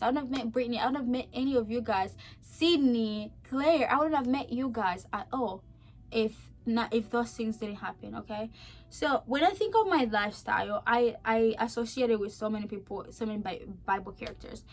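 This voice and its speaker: A young vlogger shares her personal faith testimony, earnest, heartfelt and emotional. She chats along with many fillers, swinging between soft and emphatic moments, in a voice on the high side.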